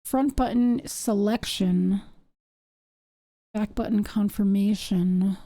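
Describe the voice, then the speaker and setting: A young woman streamer chatting casually while she plays, rambling and thinking out loud with self-mocking asides. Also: medium pitch, slow pace, no echo. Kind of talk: casual live-stream chat while gaming.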